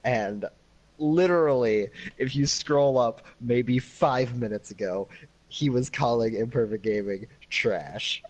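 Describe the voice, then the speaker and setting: A man's voice: medium pitch, takes it slowly, rough recording. A man casting a live esports match with laid-back, dry joking commentary.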